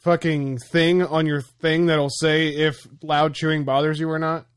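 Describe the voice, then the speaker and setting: A man from Florida in a casual podcast chat, profane and quick to laugh, rambling through stories. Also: on the high side, little pitch movement, clean tone, dry recording, studio quality.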